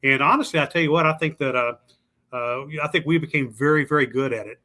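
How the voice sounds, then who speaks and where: A man's voice: medium pitch, quick pace, sharp tone. A man telling stories as a podcast guest in a folksy, drawling way, acting out the voices of the people he met. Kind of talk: casual storytelling. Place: lives in Louisville.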